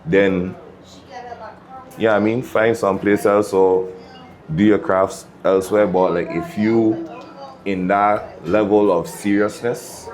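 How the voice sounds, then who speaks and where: Deep-voiced Virgin Islands man, laid-back. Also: fairly even intonation, takes it slowly, darkish tone. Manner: laid-back, tags lines with "you check?", laughs often. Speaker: DJ and music producer. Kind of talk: casual interview storytelling.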